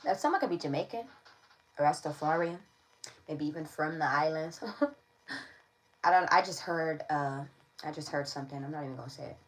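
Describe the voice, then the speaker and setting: Low-pitched and moderately paced, this woman pauses often as she reads tarot to camera, and the audio is poor. Her casual delivery is slangy and playful, with frequent "all right?" check-ins for her viewers.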